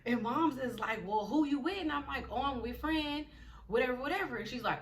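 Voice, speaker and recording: A young woman telling a storytime vlog in an animated, slangy way, acting out the quotes of the people in it. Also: high-pitched, moderate pace, distant mic. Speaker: vlogger.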